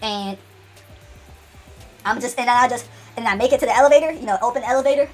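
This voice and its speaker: A woman's voice: fairly high pitch, fast, darkish tone, soft background music. A woman telling an unscripted comic story, rambling with many restarts and acting out the dialogue.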